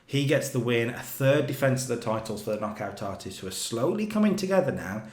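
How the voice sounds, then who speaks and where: Lively man in an echoey room. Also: mid-range voice. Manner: animated storytelling, voices characters in quick asides. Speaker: co-host booking a wrestling video game. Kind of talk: casual commentary over gameplay.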